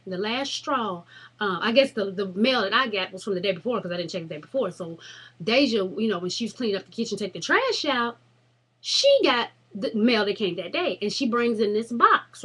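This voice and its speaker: Husky-voiced woman ranting through a funny story. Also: medium pitch, normal speed. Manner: animated, profane, dramatic storytelling. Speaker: vlogger. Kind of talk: casual storytelling vlog.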